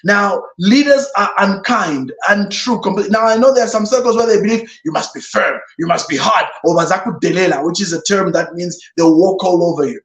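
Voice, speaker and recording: A reverend giving an emphatic motivational talk on leadership, often repeating "no, no, no" to dismiss ideas. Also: male voice, high voice, fairly quick, hardly any pauses, a bit bright. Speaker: guest speaker, reverend. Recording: roomy echo.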